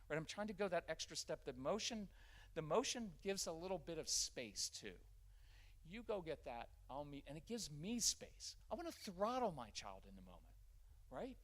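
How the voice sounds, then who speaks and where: A man in his fifties giving a live parenting workshop, joking and acting out parent-child dialogues. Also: a little high. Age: 50s.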